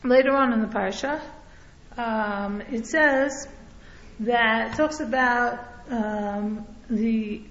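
This is a Torah teacher leading a religious class before listeners in the room, chatting conversationally, often asking "right?" and chuckling between points. Her voice is a little high and steady, her pace slow, in an echoey lo-fi room recording.

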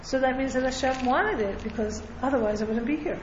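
A high-voiced woman gives a religious class in a relaxed, conversational way and keeps checking in with her listeners. The recording is echoey and a little dull, with a faint hiss underneath. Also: fairly quick. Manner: conversational, checks in with frequent "right?". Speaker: Torah teacher.

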